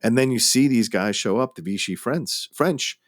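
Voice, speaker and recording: A man's voice: mid-range voice, expressive, moderate pace, no echo, studio quality. A man co-hosting a podcast, musing about film influences in an emphatic, profane way. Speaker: podcast co-host. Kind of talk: casual film discussion.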